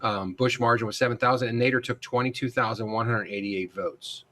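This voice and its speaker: A man talks through a recorded lecture in an easygoing, conversational way. He speaks at a middle pitch, calls his students "guys," and often restarts his sentences with fillers. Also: steady tone, brisk, a bit bright. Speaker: instructor.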